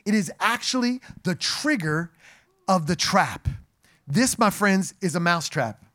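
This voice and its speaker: A man preaching a sermon to a congregation, animated and joking as he speaks to them directly. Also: high voice, measured pace. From New Jersey. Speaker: pastor. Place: church sanctuary.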